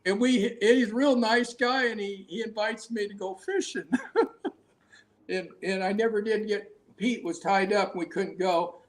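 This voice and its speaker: An older man spinning a rambling hunting yarn, his voice sitting high. He restarts sentences often and laughs at his own stories. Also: unhurried. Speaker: hunting guide, guest. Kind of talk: casual storytelling interview.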